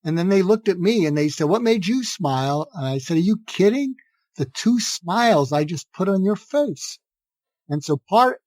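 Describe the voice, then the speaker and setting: A man's voice: a little high, dry recording. Storytelling older man, dry close sound. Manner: animated anecdotes, acting out quoted dialogue. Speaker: guest, psychiatrist. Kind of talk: podcast interview storytelling.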